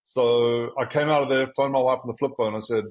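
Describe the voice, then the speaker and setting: Speaking briskly in a mid-range voice, a South African man who founded an agency recounts his career during a casual interview. He's animated, acting out dialogue from himself and other people, on a low-quality recording.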